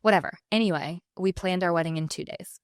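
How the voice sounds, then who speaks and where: A woman's voice: lowish voice, fairly quick, no echo. Chatty young woman, dry close sound. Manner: chatty, animated storytelling with quoted voices. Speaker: podcast co-host. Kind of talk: casual faith conversation.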